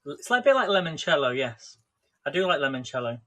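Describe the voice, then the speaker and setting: A man's voice: on the high side, big pitch swings, fairly quick, pushed and bright. A man casually chatting through a live cooking stream, rambling and talking to viewers by name. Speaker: livestream host.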